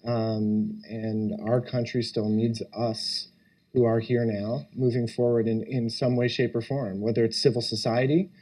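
A man's voice: mid-range voice, little pitch movement, measured pace, dark tone, low-quality recording. A man speaking on a policy panel, earnest, building his points in lists. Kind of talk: panel discussion.

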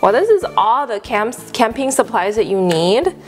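A woman hosting an unboxing video, gushing excitedly with frequent gasps and exclamations. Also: a little high, moderate pace, soft background music. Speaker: unboxing channel host. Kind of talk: casual unboxing review.

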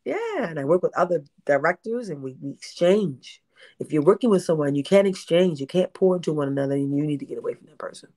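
A woman, telling stories in an interview with animated delivery and frequent repetition. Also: low-pitched, quick pace. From Baltimore, USA. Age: 50s. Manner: animated, repeats herself, acts out quotes. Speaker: interview guest, independent filmmaker. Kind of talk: casual interview storytelling.

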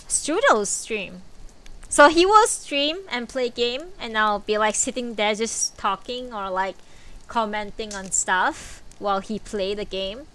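A woman streamer chatting casually on a live stream, blunt and dry, swearing freely and low on energy. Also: pushed and bright, smooth.

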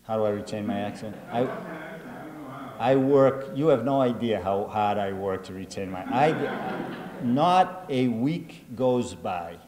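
A low-voiced man with a thick Boston accent talks earnestly, often starting over mid-sentence. His voice trails off into a long hall reverb. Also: measured pace, noisy background. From Greater Boston. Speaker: author. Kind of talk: reflective interview and address to students.

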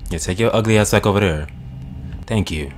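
A man's voice: on the low side, fairly quick. A young man doing let's play commentary, swearing a lot and talking at the screen. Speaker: gaming channel host. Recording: game music behind the voice. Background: game music.

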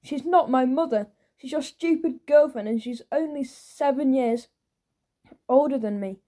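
Joe is a lonely, earnest schoolboy with a stubborn streak, put on by a woman reading a storybook. The voice is light, a little high and mellow. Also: unhurried. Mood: defiant. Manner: defiant, earnest. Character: lonely, sulky schoolboy, rich man's son.

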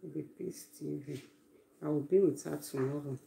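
A woman's voice: sits low, moderate pace, creaky, dark tone, slight background noise. A Nigerian woman chatting casually on a live stream, greeting her viewers one by one with effusive exclamations. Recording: roomy echo.

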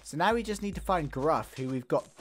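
Playful woman with a lively voice. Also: sits low, a little fast, soft background music. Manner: playful, reads game dialogue aloud in shifting voices. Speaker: let's play host. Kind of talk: casual gameplay commentary.

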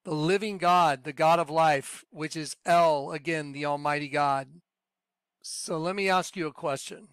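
A man asking measured, deliberate questions about scripture. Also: a little high, a bit bright, clean tone, no room sound.

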